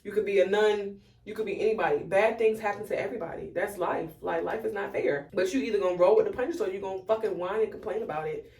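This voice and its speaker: A woman's voice: medium pitch, fast, darkish tone. A woman chatting candidly and profanely to her viewers while styling a wig, recorded on a phone camera. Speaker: beauty vlogger. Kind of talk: casual chit-chat while styling a wig.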